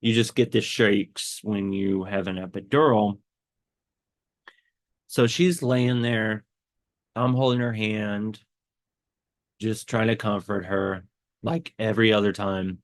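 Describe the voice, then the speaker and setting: Man, low voice, dry close sound, choked up, rambling podcast storytelling. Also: steady tone, takes it slowly, pauses often, no echo. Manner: rambling, many fillers and restarts. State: tearful, choked up. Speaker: podcast host. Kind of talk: personal storytelling.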